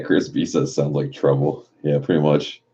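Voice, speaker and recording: Very deep, dark-voiced man streaming late at night. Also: steady tone, unhurried, muffled recording. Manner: loose, profane, reads chat messages aloud and riffs on them. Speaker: live streamer reading chat.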